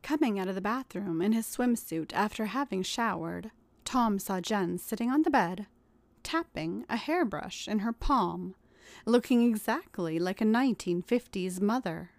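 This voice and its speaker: A woman narrating a scripted story in a calm, even reading voice with occasional hushed asides. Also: medium pitch, a little slow, no room sound.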